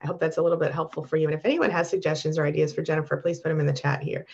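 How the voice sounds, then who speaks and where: Woman, live-stream coach, encouraging, warm, gravelly fry, muffled lo-fi audio. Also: sits low, racing. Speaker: coach for narcissistic abuse survivors. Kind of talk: live-stream chat reading viewer comments.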